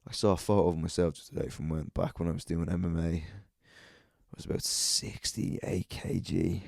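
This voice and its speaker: Brief: Irish man, 30s, solo podcast host, deep and dark, sweary, sardonic rambling stories. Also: fairly even intonation, normal speed, vocal fry, dry recording, studio quality.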